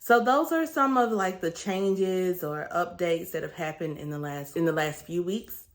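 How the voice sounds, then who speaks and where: A woman with a slightly low voice talks straight to her viewers in a relaxed, candid vlog update. She is earnest and chatty and often stops to rephrase mid-sentence. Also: measured pace. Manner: chatty, earnest, with frequent fillers and self-corrections. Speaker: vlogger sharing a weight-loss surgery journey. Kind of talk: candid casual update to camera.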